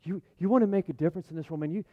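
A male pastor delivers a sermon in a casual, animated voice that sits a touch higher than most men's. He repeats phrases as he builds toward his points. The recording sounds dull and lo-fi. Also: rapid-fire. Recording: muffled lo-fi sound.

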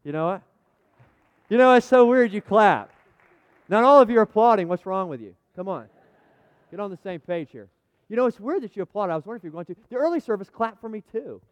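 A man's voice: high voice, animated, quick pace, no echo, highs cut off. A middle-aged man preaching a chatty, folksy sermon, full of restarts and asides, joking with the congregation and calling for amens. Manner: jokes with the congregation, calls for amens. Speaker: pastor. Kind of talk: conversational sermon with props.

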